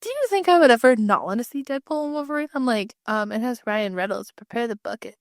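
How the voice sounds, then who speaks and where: A woman's voice: a little high, fast, no echo, studio quality. A woman co-hosting a podcast, telling stories in casual chat and acting out what people said. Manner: animated storytelling, acts out voices. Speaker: podcast co-host.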